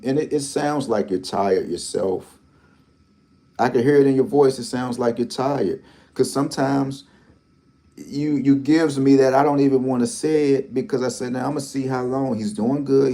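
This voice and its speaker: A man's voice: medium pitch, mellow. A man hosting a lottery channel, talking in a rambling, repetitive, teasing way with speech. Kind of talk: casual commentary.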